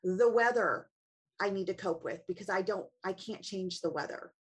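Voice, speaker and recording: A woman's voice: mid-range voice, normal speed, breathy edge. A middle-aged woman, a family coach and author, speaking earnestly as an interview guest and asking herself reflective questions. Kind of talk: interview guest, personal storytelling.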